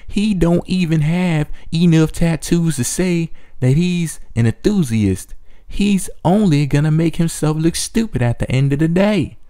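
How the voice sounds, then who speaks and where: A man putting on a scornful woman with a Southern US accent, speaking in a drawn-out, mocking way. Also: fairly high pitch, lively intonation, mellow, pitched above the performer's own voice. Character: sassy woman scoffing in a southern drawl.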